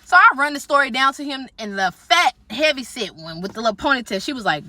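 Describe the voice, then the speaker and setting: A woman telling a personal story in casual storytime style, animated, slangy and profane. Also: high-pitched, fast talker, few pauses, no echo.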